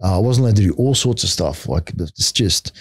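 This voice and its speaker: A man's voice: low-pitched, lively intonation, brisk, breathy edge, no room sound, studio quality. A middle-aged man with an Australian accent, a martial arts coach telling stories as a podcast guest in a blunt, casual way, swearing freely and saying "mate" and "like" a lot. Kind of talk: casual storytelling chat.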